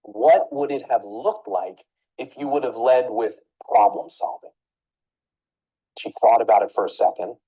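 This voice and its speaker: A woman business coach runs a training session in a mellow, warm voice. She tells a story with energy and keeps turning to her listeners with direct questions. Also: very deep voice, dull audio. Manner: animated, addresses listeners directly with rhetorical questions.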